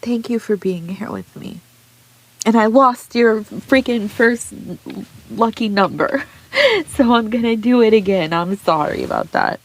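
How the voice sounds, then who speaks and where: A tea leaf reader speaks in a somewhat high voice, a little slowly, during a heartfelt spoken aside in a reading video. Her manner is earnest and rambling, with many restarts.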